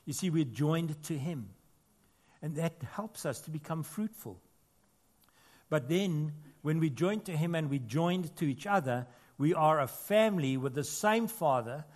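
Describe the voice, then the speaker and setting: Earnest preacher with a slightly higher voice. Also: male voice, lively intonation, measured pace. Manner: earnest, builds to emphatic peaks, drops to quiet intimate asides. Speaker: pastor. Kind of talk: sermon. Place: church.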